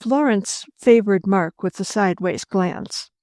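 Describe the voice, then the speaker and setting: A woman narrating an audiobook in a calm, measured reading voice, close to the mic. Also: medium pitch, no room sound. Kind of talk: scripted narration.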